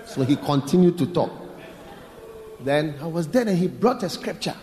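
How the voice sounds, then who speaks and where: A man's voice: a little high, lively intonation, brisk, very noisy. A man preaching a sermon, emphatic and repetitive, putting rhetorical questions to the congregation. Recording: echoey hall with faint ambience.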